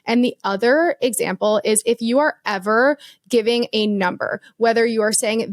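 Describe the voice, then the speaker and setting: A woman's voice: a little high, moderate pace, no echo, clean studio sound. A young adult woman co-hosting a business podcast, explaining ideas in casual chat with frequent "like" and "um" fillers. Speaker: podcast co-host.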